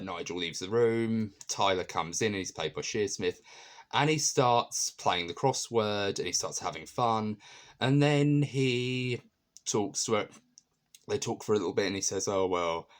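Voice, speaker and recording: A man's voice: fairly low pitch, normal speed. A man giving a casual spoken review of a TV episode, chatty and earnest, with many fillers and restarts.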